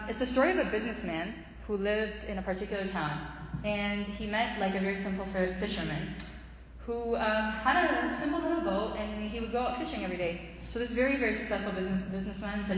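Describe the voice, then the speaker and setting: A woman's voice: mid-range voice, a little hiss or hum. A woman in her thirties giving a casual faith talk, chatty and loose, with lots of fillers and restarts. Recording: echoey hall, muffled sound.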